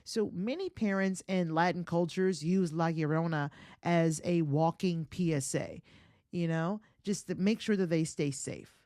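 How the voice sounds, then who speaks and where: A woman's voice: on the low side, unhurried, mellow, dry recording, clean studio sound. A woman hosting a comedy podcast, telling a folk tale in a chatty, profane way and laughing often at her own jokes. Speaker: podcast host.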